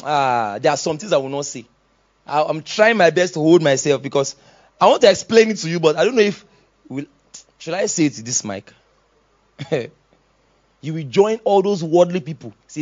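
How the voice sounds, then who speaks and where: Nigerian pastor shouting exhortations. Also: male voice, on the high side, lively intonation, normal speed, pauses often, muffled recording. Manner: swings from soft asides to loud shouted exhortations, laughs often. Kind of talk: sermon.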